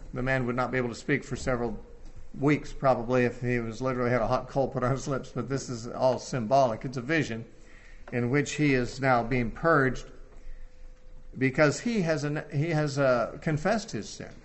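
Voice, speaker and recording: A man's voice: medium pitch, normal speed. A man giving an expository Bible teaching, conversational and thinking aloud, lifting his voice when he quotes scripture.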